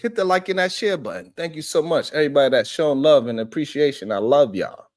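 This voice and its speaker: A slightly high-voiced man talks fast while hosting a live-stream show on a streaming setup. His commentary is animated and preachy, peppered with swearing and aimed directly at his viewers.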